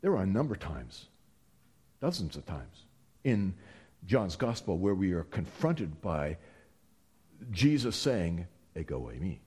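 Male preacher giving a sermon, super lively ups and downs, slow and husky. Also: deep voice. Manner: animated and emphatic, with frequent restarts.

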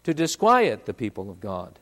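A male pastor preaching a sermon, swinging between loud, emphatic passages and quiet, low asides. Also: huge pitch swings, moderate pace, long reverb tail.

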